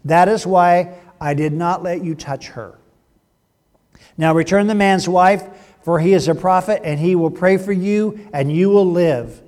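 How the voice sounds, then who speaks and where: God warning sternly, read by a man, measured, high voice, long reverb. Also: a little mellow. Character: God speaking sternly in a dream.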